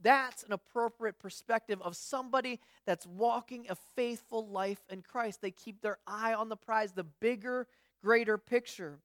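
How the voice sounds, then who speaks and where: A woman's voice: on the high side, moderate pace, dry recording, clean studio sound. A woman pastor giving a conversational sermon, telling stories with frequent restarts and acting out what others say. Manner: storytelling, frequent restarts, acts out quoted voices.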